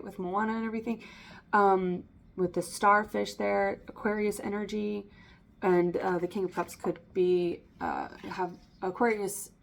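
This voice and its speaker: A woman's voice: mid-range voice, gravelly. A woman giving a casual spoken tarot reading, rambling with frequent ums and likes and breaking off to restart her thoughts. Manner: self-interrupting, slips and restarts. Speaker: tarot reader.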